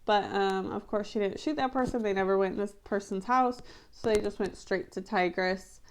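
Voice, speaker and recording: A woman vlogger giving casual, animated commentary on a film adaptation, chatty and often exasperated, with lots of fillers. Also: mid-range voice, normal speed, clean tone. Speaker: book-to-movie review vlogger.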